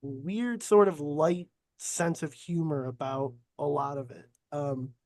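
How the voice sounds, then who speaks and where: A man's voice: a little high, takes it slowly, a little mellow, no echo. A young man hosting a casual podcast chat, talking loosely with many fillers. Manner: laid-back, loose, lots of fillers. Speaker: podcast host.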